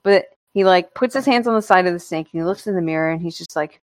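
A woman's voice: fairly low pitch, fast talker, a little mellow, dry recording. A young woman co-hosting a podcast, telling a rambling, profane story in casual chat. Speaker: podcast co-host.

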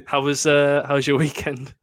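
A man's voice: on the high side, monotone, dry recording. Joking young Lancashire man, dry sound. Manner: chatty, joking, quick to laugh. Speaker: podcast co-host. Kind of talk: casual chat.

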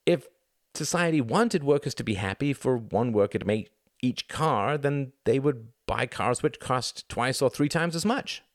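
A man's voice: mid-range voice, lively intonation, measured pace, no echo, studio quality, pitched above the performer's own voice. A man voicing a skeptical young male student who keeps questioning and pressing his point. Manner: questioning, insistent.

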